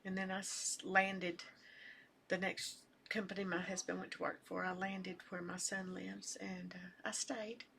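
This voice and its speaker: An older woman chatting casually at home as a knitting vlogger, rambling and soft-spoken, sometimes trailing off into near-whispers. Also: lowish voice, flat delivery, measured pace, creaky, a little hiss or hum. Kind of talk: casual chat.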